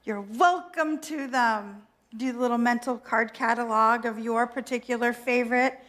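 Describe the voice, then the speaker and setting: High-voiced woman giving a playful sermon. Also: moderate pace, fairly bright tone. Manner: playful, self-mocking, theatrical. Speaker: minister.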